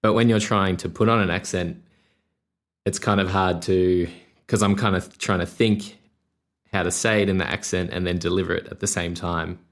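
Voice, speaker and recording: Deep-voiced Australian man, rambling. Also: normal speed. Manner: rambling, relaxed, many fillers and restarts. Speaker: podcast host and musician. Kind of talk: casual solo podcast monologue.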